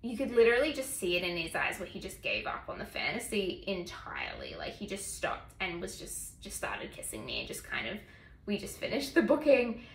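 A woman's voice: medium pitch, huge pitch swings, brisk, vocal fry. Chatty woman telling a story, echoey room. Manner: chatty, filler-heavy, lots of "like". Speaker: vlogger. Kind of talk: casual storytelling.

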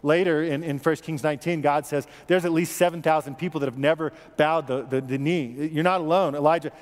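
A man's voice: on the high side, steady tone, a little fast. A man preaching a sermon as pastor, in a conversational, repetitive way with questions to the congregation, in an American accent. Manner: conversational, repeats words, asks the congregation questions. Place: church sanctuary. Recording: long church reverb.

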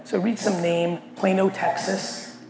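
Gravelly, high-voiced man in an echoey hall. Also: a little slow, crowd noise. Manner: blunt, animated, swears constantly. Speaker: keynote speaker. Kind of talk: profane storytelling talk to a company audience. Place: large hall at a company event. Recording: echoey hall with faint music.

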